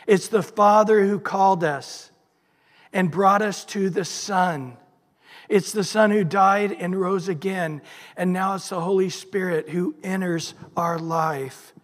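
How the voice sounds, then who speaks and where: A man's voice: sits high, steady tone, takes it slowly, big-room sound. A middle-aged man preaching a sermon, emphatic, often asking his listeners questions and answering them. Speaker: pastor.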